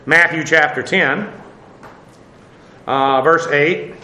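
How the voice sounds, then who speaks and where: A man's voice: on the high side, slow pace, bright, forceful tone, reverberant, low-quality recording. A man teaching a verse-by-verse Bible lesson in a conversational way, with many fillers and wry asides.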